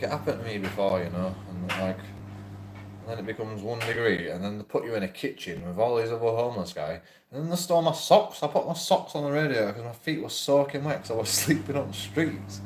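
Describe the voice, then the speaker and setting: A man's voice: fairly low pitch, lively intonation, normal speed, pauses often, echoey room, noisy background. A man, drunk and angry, ranting rambling and swearing to camera in a vlog from a shared house. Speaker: YouTube channel host.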